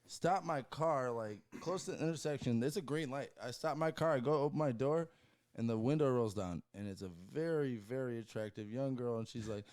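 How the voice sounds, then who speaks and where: A man from Florida hosting a podcast, telling a story in animated casual chat and laughing often. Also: mid-range voice, fairly quick. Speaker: podcast host.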